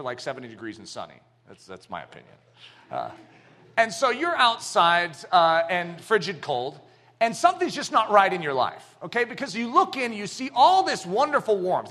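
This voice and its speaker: Animated high-voiced male preacher. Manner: animated storytelling, acting out little scenes; swings from loud emphatic to hushed. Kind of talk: sermon.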